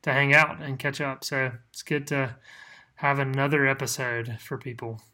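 A man's voice: mid-range voice, little pitch movement, normal speed, pushed and bright. A man who is a bit sick, co-hosting a casual podcast chat, often laughing at himself. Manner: laughs a lot, self-deprecating. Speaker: podcast co-host.

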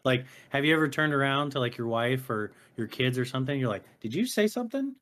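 A man on a podcast, explaining an idea in relaxed casual chat. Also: mid-range voice, fast. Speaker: podcast guest.

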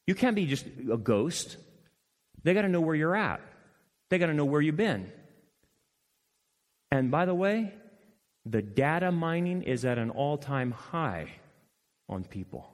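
A man preaching a sermon as pastor, impassioned and animated, addressing the congregation directly. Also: fairly high pitch, measured pace, long pauses, long reverb tail. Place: church sanctuary.

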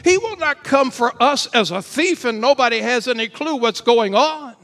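Pastor guy preaching sunday sermon, really high voice, punchy repeats, goes loud then quiet. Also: expressive, normal speed, few pauses. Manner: emphatic and repetitive, rising to shouts then dropping low. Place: church service.

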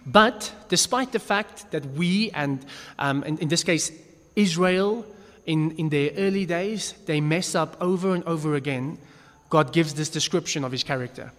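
A man's voice: fairly high pitch, a little slow. A man giving a casual, joking Bible lesson, with frequent restarts as he talks. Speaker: Bible teacher. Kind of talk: casual teaching talk. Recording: long echo of a reverberant hall.

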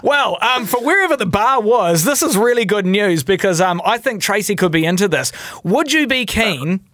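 Guy cohosting a podcast, high bright voice, laughs a lot, dry close sound. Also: expressive, normal speed, no room sound. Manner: laughs often, upbeat and teasing. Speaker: podcast co-host. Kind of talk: casual podcast chat.

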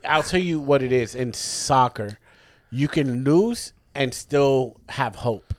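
A man's voice: medium pitch, expressive, no room sound. A man co-hosting a podcast in casual chat, joking and swearing freely. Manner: profane, joking, quick to laugh. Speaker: podcast co-host.

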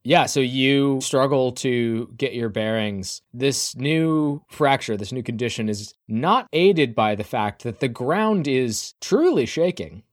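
A man hosting a tabletop role-playing podcast, reading announcements briskly and narrating scenes as game master. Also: mid-range voice, lively intonation, no echo, clean studio sound. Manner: quick, upbeat host reads, slower scene narration.

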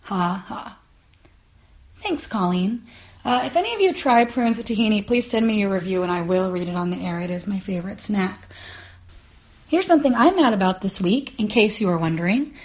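A woman hosting a comedy podcast, ranting in a sarcastic, exasperated way. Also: medium pitch. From United States. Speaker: podcast host. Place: Los Angeles.

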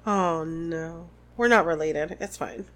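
A woman co-hosting a casual book podcast, reading passages aloud and reacting with animated comments. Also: low voice, slow. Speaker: podcast co-host. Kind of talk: casual book recap chat.

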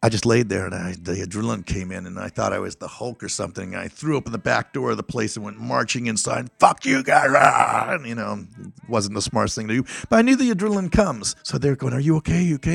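Gravelly middle-aged man telling a story. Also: fast, no echo. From Northern California. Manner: animated, acts out quotes with sudden high-pitched outbursts. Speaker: interview guest. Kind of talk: storytelling in a casual interview.

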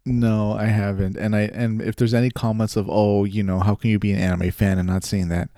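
A man's voice: fairly low pitch, little pitch movement, fairly quick, warm tone, no room sound, studio quality. A man co-hosting a casual podcast chat, joking and laughing often. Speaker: podcast co-host.

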